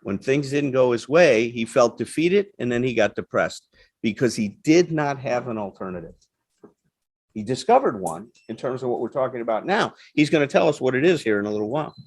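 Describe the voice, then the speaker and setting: Speaking a little fast with lively intonation at medium pitch, a man lectures a seated audience as a guest speaker on addiction recovery. There's no echo, and his plain, emphatic, conversational talk is peppered with "right?" check-ins.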